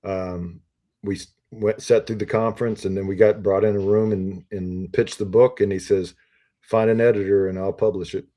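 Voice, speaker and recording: A retired Army officer in his fifties tells stories as a podcast guest, his voice low-pitched and dark. He rambles along casually and fills his pauses with ums and uhs. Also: little pitch movement. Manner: rambling, filler-heavy storytelling with many ums and uhs. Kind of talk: casual storytelling interview.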